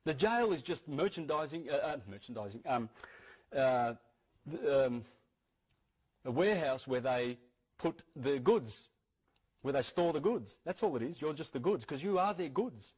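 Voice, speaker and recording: A man's voice: a little high, animated, a little slow, darkish tone, breathy edge. A man giving a talk to an audience, earnest, repeating key phrases and restarting his sentences often. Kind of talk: lecture-style talk to an audience.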